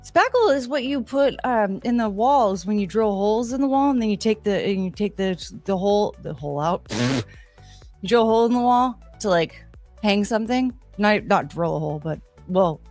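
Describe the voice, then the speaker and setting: A woman hosting a casual livestream from home, reading the chat aloud in a rambling, excitable way that trails off and restarts. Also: mid-range voice, moderate pace, faint music behind. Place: home, near her kitchen.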